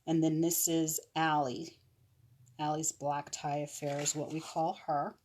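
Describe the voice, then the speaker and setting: A woman with a low voice chats her way through a live nail product demo. She talks at an unhurried pace, full of fillers and little self-corrections. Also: level tone, darkish tone, slight background noise. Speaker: online nail seller. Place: live stream.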